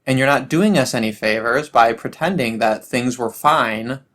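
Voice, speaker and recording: Young adult man, mid pitch, solo rant host; sarcastic, stumbling restarts. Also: normal speed, fairly bright tone. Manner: ranting, sarcastic, frequent restarts. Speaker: political commentary host. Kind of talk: solo political commentary.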